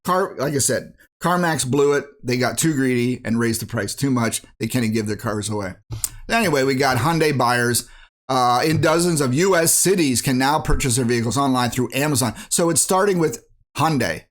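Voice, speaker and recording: A man's voice: medium pitch, moderate pace. A man from the United States, a vlogger ranting bluntly and casually about car dealers and pricing. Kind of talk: casual rant to camera.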